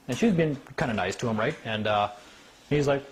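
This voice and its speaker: A man giving an informal talk to a small group, animated, acting out the people he quotes and often asking "right?". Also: mid-range voice, fairly quick, slight background noise. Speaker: speaker at a meeting.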